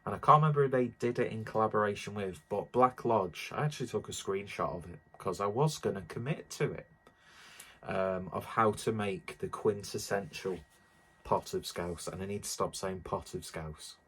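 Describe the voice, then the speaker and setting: A man's voice: fairly low pitch, moderate pace, a bit bright, slight background noise. A man reviewing a beer in a rambling, self-deprecating way with lots of fillers, a little out of breath. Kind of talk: casual beer review vlog.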